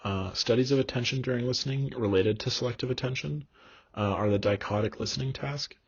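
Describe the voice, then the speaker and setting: A young man giving a recorded online lecture, halting, with many fillers and restarts. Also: medium pitch, husky. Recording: dull lo-fi recording.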